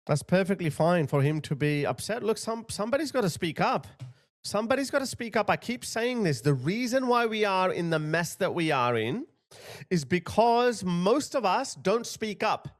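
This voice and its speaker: A man's voice: high voice, big pitch swings, normal speed. A man hosting a commentary channel, talking bluntly and emphatically to his viewers as he reacts to video clips.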